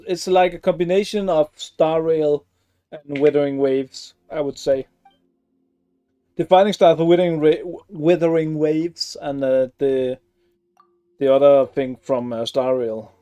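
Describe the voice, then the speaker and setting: A man's voice: on the high side, fairly even intonation, unhurried, mellow, clean tone, dry recording, clean studio sound. A man giving casual gameplay commentary, sarcastic and swearing freely as he plays. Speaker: gaming streamer.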